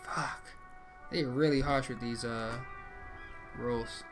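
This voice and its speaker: A man's voice: mid-range voice, steady tone, takes it slowly, over music. A young man streaming a game live, talking casually and with a lot of swearing, and reading the dialogue aloud in changing voices.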